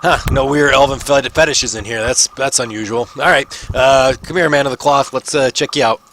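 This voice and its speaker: A man voicing a cocky, nosy city gate guard who talks loud and bossy, raising his voice above his usual pitch. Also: a little fast, a little hiss or hum, natural voice.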